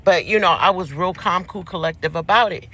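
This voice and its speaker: A man's voice: high-pitched, fairly quick, pushed and bright. A man telling a personal story in a casual, chatty way, speaking straight to the audience.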